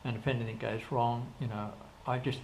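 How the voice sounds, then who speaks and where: An older man with a gravelly, creaky voice recounts his life in a loose, rambling way, acting out both sides of old conversations. He restarts sentences often and circles back as he goes. A faint hum of background noise sits under the recording. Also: mid-range voice, little pitch movement, brisk. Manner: rambling, with frequent restarts and quoted dialogue. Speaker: interview guest. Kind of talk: casual storytelling in an interview.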